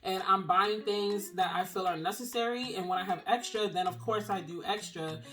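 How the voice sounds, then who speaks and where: A woman's voice: medium pitch, normal speed, fairly bright tone. Earnest young woman with a lilt. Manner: emotional, earnest, colloquial. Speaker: vlogger, single mom. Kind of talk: heartfelt encouraging talk to camera.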